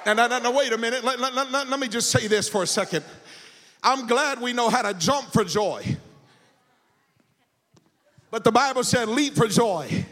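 A male pastor preaching a sermon, shouting in a sing-song cadence and stammering repeated words. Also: extremely high pitch, normal speed, long pauses. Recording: reverberant church hall.

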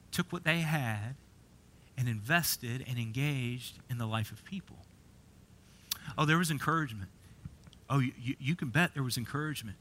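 A man's voice: medium pitch, pushed and bright, slight background noise. A middle-aged man preaching a sermon as pastor, telling a story and often repeating and restarting words.

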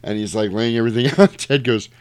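Animated man retelling a movie. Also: fast talker, smooth, no echo, studio quality. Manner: animated storyteller, acts out quotes in high voices, laughs often. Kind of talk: casual movie recap chat.

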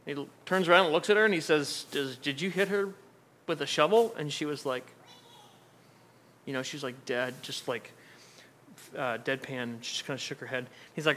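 Preaching a sermon, a pastor whose voice is a little high and sharp-toned talks briskly, recounting a family story in a conversational style and performing the quoted voices of others. There's a little hiss or hum in the recording.

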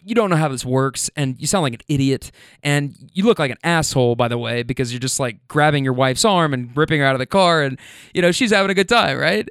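A male podcast host telling a casual story about a rideshare fare, full of restarts and swearing. His voice is smooth and clear, a touch higher than usual, and recorded dry and close. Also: fairly quick, fairly bright tone, dry recording. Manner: rambling, profane, many restarts.

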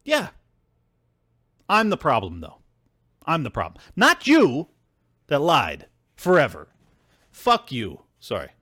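Male podcast host: lively, swooping pitch, sarcastic and profane rant, dry close recording. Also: slow, long pauses, slightly rough, no echo. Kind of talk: ranting political commentary.

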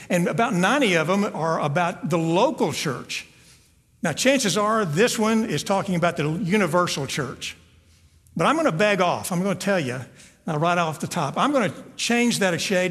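The recording catches a long hall reverb in a church sanctuary, where a pastor earnestly preaches to his congregation, repeating words as he searches for the next. His voice is high-pitched with a fairly bright tone.

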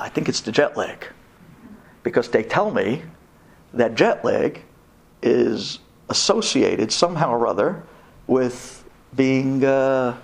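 Animated rabbi telling a funny story. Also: male voice, medium pitch, vocal fry. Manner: animated, humorous storytelling, acts out dialogue. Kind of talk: storytelling Torah talk.

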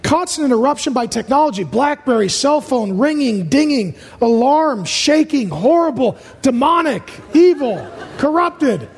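A man's voice: extremely high pitch, animated, breathy edge. A man preaching a humorous sermon as a pastor, firing off punchy jokes and short lists in a large church auditorium. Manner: rapid-fire jokey delivery, punchy short lists. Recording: reverberant hall.

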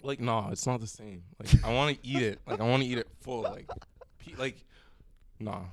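A young man co-hosting a casual podcast, telling stories with lively jumps into other voices. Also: normal speed, slight background noise. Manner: animated storyteller, jumps into high voices when quoting others. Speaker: podcast co-host. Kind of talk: casual chat.

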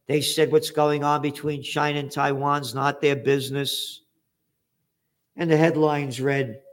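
An older man giving blunt, sarcastic news commentary, reading out headlines and adding profane asides. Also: medium pitch. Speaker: trends forecaster hosting a news commentary show.

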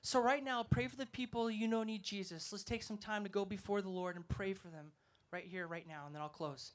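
In a high-pitched, steady voice, a man preaches briskly as an evangelist at a festival. He tells stories and emphatically rallies those listening.

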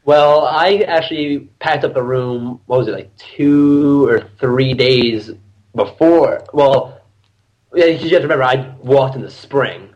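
Young man telling animated stories. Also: medium pitch, a little slow, muffled recording. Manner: animated storyteller, laughs often, acts out shouted quotes. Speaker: podcast guest. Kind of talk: casual chat.

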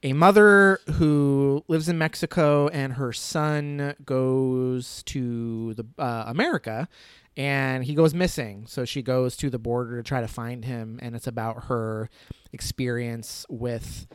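A man's voice: mid-range voice, steady tone, slow pace, clean tone, no room sound. A man hosting a casual film-ranking chat, talking in a rambling way full of fillers.

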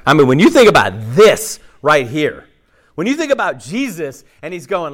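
A pastor delivers a sermon in a conversational, animated style, voicing the characters in his story. His voice sits on the high side, and he speaks at normal speed.

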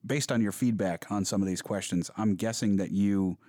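Man, podcast co-host, asks questions, very deep voice, dry recording. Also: normal speed, warm tone, dry recording. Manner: asks probing, loosely phrased questions. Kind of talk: podcast interview.

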